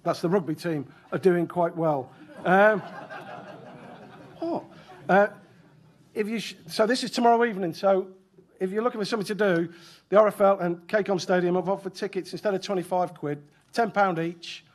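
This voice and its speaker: Uk man, high voice, joking welcome speech, self-deprecating, event room. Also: moderate pace. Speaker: chair of rescue organisation, event speaker. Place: function room at a stadium.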